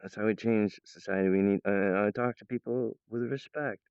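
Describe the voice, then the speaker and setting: Excitable rambling man, low smooth voice. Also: fairly quick, no echo. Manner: excitable, jumps between ideas; rambling, with many restarts. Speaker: video creator. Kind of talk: rambling improvised monologue. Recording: dull, lo-fi, dry sound.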